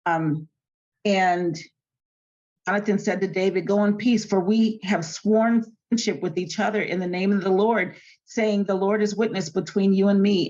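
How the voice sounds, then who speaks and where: A woman's voice: fairly low pitch, a little mellow, dull audio. A woman hosting a casual Bible study, reading scripture aloud and retelling it in chatty, everyday terms.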